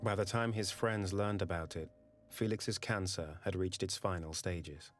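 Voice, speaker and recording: A man's voice: sits low, measured pace, music in the background. A man giving sober, scripted documentary narration.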